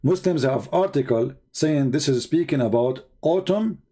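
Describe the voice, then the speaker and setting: A man hosting a live-stream religious debate, with a fairly high voice for a man. He mocks and prods with one rhetorical question after another. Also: lively intonation, moderate pace, dark tone, slightly rough.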